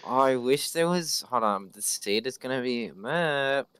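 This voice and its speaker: A man's voice: mid-range voice, animated, a little slow, fairly bright tone, clean tone, no echo. A man chatting casually over a game with friends, teasing and playing with silly nicknames. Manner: teasing, goofy wordplay. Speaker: gaming friend. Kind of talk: casual gaming chat. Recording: noisy voice chat recording.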